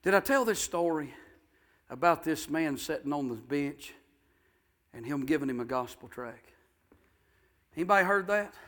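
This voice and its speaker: A preacher man with a high, bright voice tells a story from the pulpit in a folksy, homespun way. He swings from hushed asides to fervent, ringing exhortation. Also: animated, moderate pace, long pauses. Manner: folksy, builds to shouting fervor. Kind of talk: sermon storytelling.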